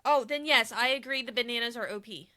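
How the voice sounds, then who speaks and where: A woman's voice: on the high side, brisk, sharp tone. A woman co-hosting a podcast, chatty and earnest in casual talk. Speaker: podcast co-host.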